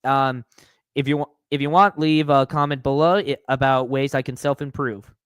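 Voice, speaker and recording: A man's voice: medium pitch, fairly even intonation, normal speed, a bit bright, smooth, no room sound, studio quality. A man hosting a live stream, reading viewer comments aloud and answering them with sarcastic, mocking commentary.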